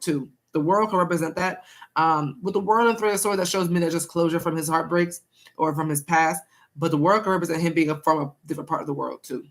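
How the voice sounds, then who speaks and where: A young woman doing a casual live-stream tarot reading, chatting with viewers and repeating herself. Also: lowish voice.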